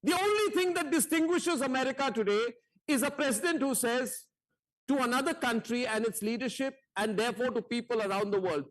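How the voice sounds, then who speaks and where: A man's voice: very high-pitched, fairly quick, a bit bright. A man anchoring a heated televised debate, combative and mocking, firing repeated rhetorical questions.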